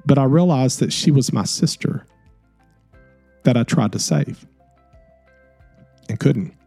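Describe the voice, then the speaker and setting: Gravelly, mellow-voiced middle-aged man reflecting. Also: medium pitch, slow, no room sound, soft background music. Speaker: podcast host. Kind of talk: reflective personal storytelling.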